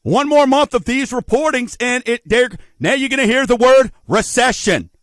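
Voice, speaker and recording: A man's voice: very high voice, animated, normal speed, a bit bright, no room sound. A middle-aged man hosting a radio talk show about mortgages, folksy and emphatic, asking rhetorical questions. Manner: folksy, addresses listeners as folks.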